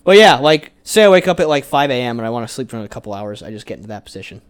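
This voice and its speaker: A young man in casual chat, animated and quick to jump in with quotes and asides while recalling old times. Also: mid-range voice, smooth.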